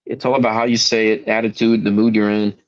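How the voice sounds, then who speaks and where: A man's voice: on the low side, level tone, quick pace. A man calling into a stream panel, chatting casually in a reflective, meandering way and often saying "man". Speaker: caller on panel. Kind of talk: casual call-in chat. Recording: dull lo-fi call-in audio.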